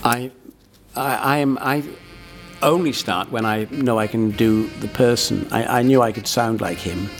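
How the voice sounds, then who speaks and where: A man, a performer, talking in a halting interview manner full of restarts. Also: mid-range voice, faint music behind. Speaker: guest, impressionist performer. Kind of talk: conversational interview.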